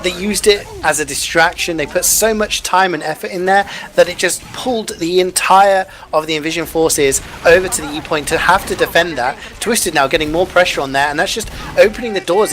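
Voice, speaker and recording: A male esports caster giving relaxed, analytical color commentary with casual asides and jokes. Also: a little high. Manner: chatty, jokey, lots of "you know".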